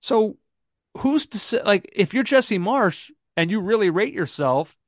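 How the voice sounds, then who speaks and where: A podcast co-host chats casually about football in an animated voice that sits a little high for a man, at a measured pace. He thinks out loud, looping back with fillers and restarts, and the recording is dry and close with no room sound.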